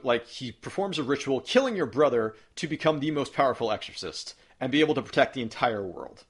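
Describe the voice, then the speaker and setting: Casual male podcaster, rambling and excited, mid-pitch, swears freely. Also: brisk, few pauses, husky. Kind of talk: casual chat about video games.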